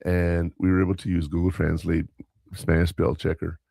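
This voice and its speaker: Low gravelly male podcast co-host, rambling anecdotal storyteller, dry close sound, casual chat. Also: little pitch movement, moderate pace, warm tone, dry recording. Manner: rambling, anecdotal, with self-corrections and quoted dialogue. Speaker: podcast co-host and substitute teacher.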